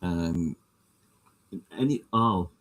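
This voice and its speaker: A man's voice: low-pitched, extremely slow, a bit bright, distant mic. A man running a tabletop horror game as game master, often hesitating and restarting sentences.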